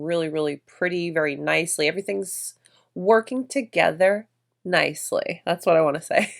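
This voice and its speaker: A woman vlogger narrating her makeup routine in a chatty, effusive way, gushing over products. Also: fairly low pitch. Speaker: beauty vlogger.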